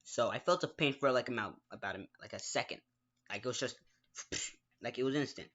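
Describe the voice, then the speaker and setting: A man rambles through a personal story in a casual vlog, restarting his sentences and stopping to apologize. He makes his own mouth sound effects along the way. His voice is bright, mid-pitched and sharp, caught on a dull, lo-fi home recording. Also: fairly quick. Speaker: gaming vlogger.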